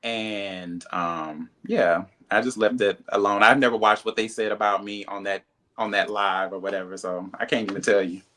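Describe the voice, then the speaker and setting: A man, a reality TV cast member, telling a candid story in an interview, with many "like" and "you know" fillers. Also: moderate pace. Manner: animated, acts out quoted dialogue in a higher voice.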